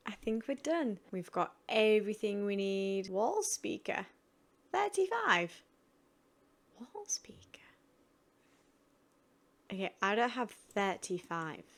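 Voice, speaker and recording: Chatty woman narrating a game build. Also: on the low side. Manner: chatty, thinking aloud while building. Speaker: gaming channel host. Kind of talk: casual game build commentary.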